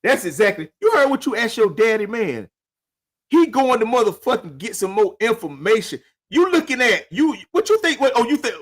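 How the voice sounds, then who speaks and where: A middle-aged man with a very high voice hosts a casual chat. He lectures his guest in an emphatic, repetitive and preachy way, swearing often. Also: big pitch swings, moderate pace. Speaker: podcast host.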